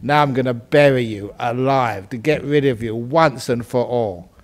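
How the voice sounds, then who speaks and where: A man voicing a spiteful, grumpy old male farmer who gloats in a slow, deliberate way. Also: mid-range voice, pitched below the performer's own voice, close to an everyday voice. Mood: gloating.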